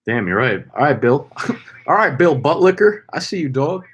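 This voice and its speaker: A young man hosting a casual live stream, loud and playful, hyping up names with slang and swearing. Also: mid-range voice, big pitch swings, normal speed, slightly rough. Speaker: fantasy football streamer.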